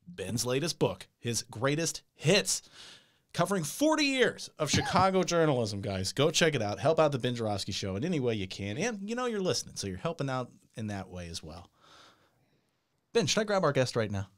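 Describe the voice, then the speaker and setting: A man's voice: medium pitch, sing-song, moderate pace, a bit bright. A man co-hosting a podcast, reading promos and introducing the show in a playful, upbeat way. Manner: playful, upbeat announcer delivery. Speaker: podcast co-host and producer.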